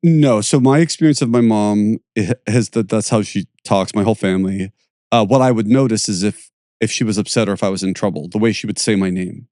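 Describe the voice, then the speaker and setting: A man's voice: lowish voice, fairly quick, warm tone, dry recording, clean studio sound. A man hosting a podcast, talking casually, searching for words and laughing often. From Pittsburgh area, USA. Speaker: podcast host and yoga teacher.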